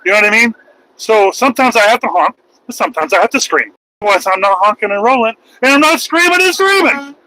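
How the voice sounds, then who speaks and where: A middle-aged man, a truck driver, ranting loud, profane and mocking on a livestream. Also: high-pitched, animated, quick pace, rough recording. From United States. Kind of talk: livestream rant.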